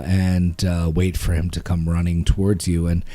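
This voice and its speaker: A man co-hosting a podcast, telling a story in a lively, animated way while tired and emotional. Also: low voice, normal speed, few pauses, dry recording. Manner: animated storytelling with acted-out quotes. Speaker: podcast co-host. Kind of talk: casual chat.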